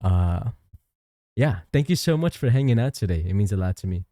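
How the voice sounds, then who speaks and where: A man's voice: on the low side, expressive, a little fast, dark tone, dry recording, studio quality. A young man chatting casually on a live stream as a VTuber, reading chat aloud and answering viewers with frequent restarts.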